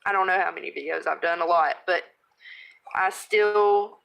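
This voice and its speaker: A woman in her thirties casually chatting while she crafts, rambling off on tangents, laughing at herself and clearing her throat. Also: on the low side, moderate pace, fairly bright tone, poor audio. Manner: rambling, self-deprecating, laughs often. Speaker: craft video host.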